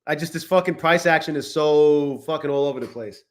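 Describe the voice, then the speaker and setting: Male streamer, forties, slightly high voice, casual and profane, chats with viewers. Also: a little fast. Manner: profane, restless, talks to chat. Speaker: trading livestream host. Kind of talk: casual live-stream chat.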